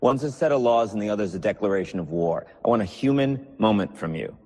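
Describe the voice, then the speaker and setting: A man's voice: fairly low pitch, lively intonation, fast talker, darkish tone, in a large hall. An actor playing a male moderator who keeps pressing a guest with insistent questions. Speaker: panel moderator.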